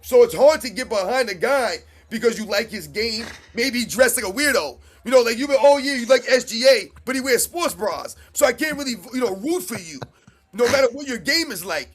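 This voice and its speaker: A man with a very high voice reacts to a live game, urging players on and ranting with energy. He stresses his points by repeating them and shifts quickly between play-calling and stories. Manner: animated, emphatic, repeats points. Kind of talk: excited live game commentary.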